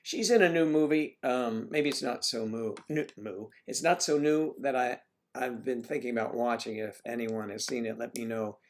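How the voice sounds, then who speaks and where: A man hosts a casual livestream, talking straight to his viewers. He rambles and trails off into asides. His voice sits at an ordinary middle pitch. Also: normal speed, a little hiss or hum. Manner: rambling, chatty, full of asides. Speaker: livestream host. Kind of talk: casual chat.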